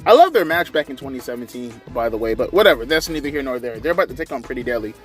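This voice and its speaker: A young man giving casual, profane, rambling wrestling commentary, excitable and full of slang. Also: mid-range voice, very fast, soft background music. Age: young adult. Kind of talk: casual watch-along commentary.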